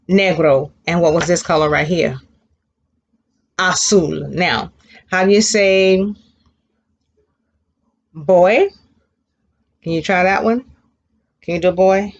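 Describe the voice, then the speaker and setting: A woman's voice: on the low side, dull audio. A woman teaching a children's Spanish class, patiently modeling words for the class to repeat and praising them. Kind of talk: elementary Spanish lesson.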